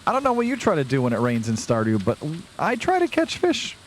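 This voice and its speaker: A man's voice: fairly high pitch, huge pitch swings, brisk, a little hiss or hum. Sleepy, chatty young gamer guy. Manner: chatty, self-deprecating, talks to viewers. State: tired, yawning. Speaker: let's play host. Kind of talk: casual gameplay commentary.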